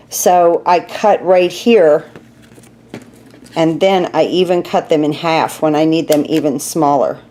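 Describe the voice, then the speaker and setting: A woman's voice: deep voice, warm tone. A middle-aged woman chatting through a card-making tutorial, laughing at her own mess as she works. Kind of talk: casual craft tutorial.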